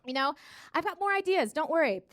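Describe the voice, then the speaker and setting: An American woman performing a live stand-up set, animated and acting out dialogue in voices. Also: high-pitched, a little fast. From United States. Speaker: stand-up comedian. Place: theater stage before a laughing audience.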